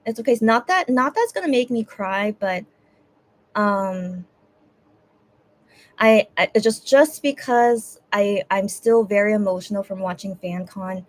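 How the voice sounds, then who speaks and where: A young woman talks to her stream viewers in a casual, rambling way. She keeps stumbling over her words and restarting, and her voice is teary. Her pitch sits in the middle range. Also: expressive, measured pace. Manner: hesitant, restarts often, emotional. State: teary, on the verge of crying. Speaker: livestream host. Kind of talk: casual livestream chat.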